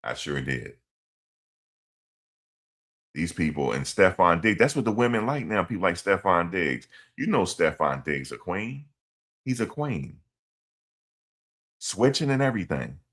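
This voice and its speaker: Very deep-voiced man telling a story. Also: big pitch swings, normal speed, fairly bright tone. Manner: rambling storytelling with slang and repeated phrases. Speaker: streamer. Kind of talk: casual livestream commentary.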